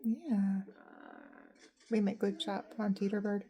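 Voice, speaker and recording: A woman's voice: medium pitch, measured pace, creaky, darkish tone. A woman chatting casually at home with her pet parrots, slipping into sing-song baby talk. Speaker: parrot owner. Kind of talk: casual chat with pet birds. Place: home living room.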